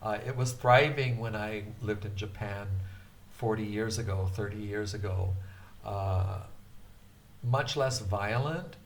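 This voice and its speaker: Older guy teaching a beginner lecture, slow and lowish, lots of uh pauses, spells out sounds carefully. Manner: slow and patient, with frequent hesitations; drawn-out, carefully sounded-out syllables. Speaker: language teacher.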